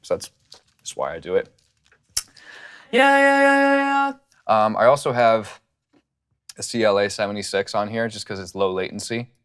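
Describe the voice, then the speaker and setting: A man talking casually through his studio process as a music producer, relaxed and rambling with plenty of fillers, on a studio condenser mic. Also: on the low side, a little fast.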